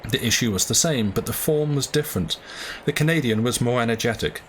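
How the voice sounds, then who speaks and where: Give me a man with a mid-pitched voice reading a classic novel aloud, steady and measured. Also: slight background noise, poor audio. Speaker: reader of a novel.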